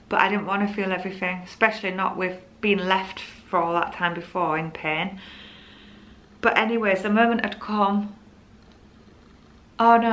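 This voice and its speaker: A woman's voice: medium pitch, a bit bright. Candid woman recounting her birth story. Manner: emotional, candid, rambling with restarts. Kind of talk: casual personal storytelling.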